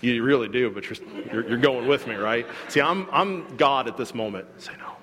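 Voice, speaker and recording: A man preaching a sermon to his congregation, animated and joking, acting out quoted voices as he goes. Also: medium pitch, moderate pace, long reverb tail. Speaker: pastor. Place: church hall.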